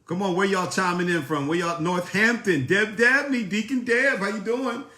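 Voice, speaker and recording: A man from South Jersey hosts a casual livestream, greeting viewers by name in an upbeat, familiar way. His voice sits high with a sharp tone and a moderate pace, and the room is echoey.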